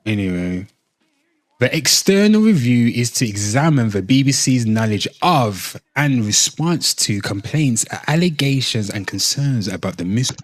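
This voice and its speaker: A man's voice: mid-range voice, very animated, a little slow, dry recording, studio quality. A man from Britain reading a news article aloud in a casual reaction video, breaking off with swearing asides and addressing viewers. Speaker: commentary host.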